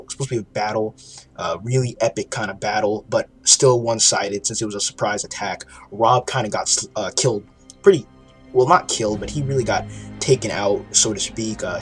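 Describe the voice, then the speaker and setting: A man giving a casual video review of a TV episode, retelling it excitedly with lots of swearing and restarts. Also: fairly low pitch, slightly rough. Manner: excited, profane storytelling with frequent restarts.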